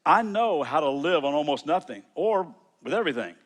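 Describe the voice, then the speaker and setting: A man's voice: on the high side, big pitch swings. A middle-aged American man preaching a sermon in a loose, conversational way, often restarting his words as he tells a story. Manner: conversational, halting with frequent restarts. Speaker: pastor.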